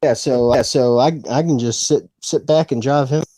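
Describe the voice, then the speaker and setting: Brief: male stream guest, mellow dark tone, halting speech full of restarts. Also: mid-range voice, fairly even intonation, no echo. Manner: halting, repeats words while searching for them. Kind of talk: casual chat.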